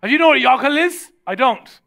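Irish male pastor, middle-aged, lively humorous preacher with a high-set voice. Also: fairly quick, gravelly. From Ireland. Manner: humorous, energetic preaching with jokes and rising shouts. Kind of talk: sermon.

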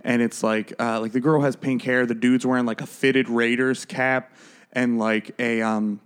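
A man's voice: medium pitch, level tone, normal speed, smooth. A man co-hosting a podcast in casual chat, rambling a bit as he tells a bar story. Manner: chatty, rambling with fillers. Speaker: podcast co-host.

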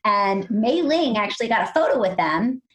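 A woman co-hosting a podcast, telling stories in a casual, animated way and acting out the people she quotes. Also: mid-range voice, normal speed, poor audio. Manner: animated storyteller, acts out quoted voices. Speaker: podcast co-host.

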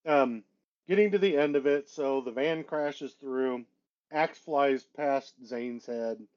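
A man's voice: mid-range voice, a little mellow, lo-fi sound. A man co-hosting a casual movie review podcast, retelling the plot in a wry, matter-of-fact way. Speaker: podcast co-host.

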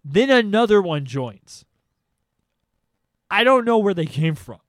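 A young man telling a comedic story on a podcast, animated and profane, acting out sounds and quotes. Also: sits high, measured pace, no echo, clean studio sound.

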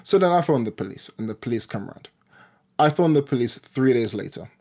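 A man in his twenties co-hosting a podcast, talking casually in a halting way with frequent stammered restarts. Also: medium pitch, expressive, a little mellow. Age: 20s. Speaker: podcast co-host. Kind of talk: casual personal chat.

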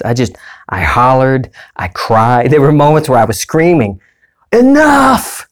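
Male self-help talker, mid-range voice, confessional and rambling, frequent restarts. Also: medium pitch. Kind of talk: candid personal monologue.

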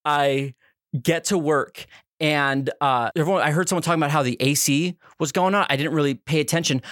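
A young man spins a crude, rambling story at a rapid clip, his voice sitting a little high for a man. He peppers it with fillers and swearing and acts out every quote. The sound is dry and close, with no room around it. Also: no room sound. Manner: animated, profane, acts out quotes, many "like" fillers. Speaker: podcast co-host. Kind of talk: casual comedic storytelling.

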